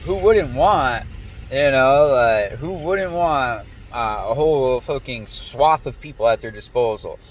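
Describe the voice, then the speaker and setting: A man rambling through a personal story, cursing freely and jumping up into a sharper voice whenever he quotes someone. His pitch sits in an ordinary middle range, and he talks in loose, looping sentences full of fillers. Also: measured pace, slight background noise. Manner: profane, animated, quotes people in raised voice. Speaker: podcast host.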